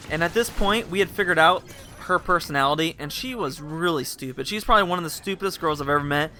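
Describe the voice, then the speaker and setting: A man's voice: fairly high pitch, quick pace, bright, forceful tone, slight background noise. A young man telling a rambling, casual story to his viewers and laughing at himself. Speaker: vlogger.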